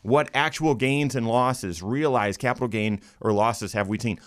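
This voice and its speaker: Fast-talking male radio show host. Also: mid-range voice, dry recording, clean studio sound. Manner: fast-talking, energetic delivery. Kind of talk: radio call-in show hosting. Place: radio studio.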